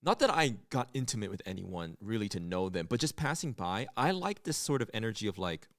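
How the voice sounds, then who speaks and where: A young man co-hosting a comedy podcast, telling stories in a casual chat and acting out loud outbursts. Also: fairly low pitch, fairly quick, dry recording, studio quality. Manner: animated storyteller, acts out loud outbursts. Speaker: podcast co-host.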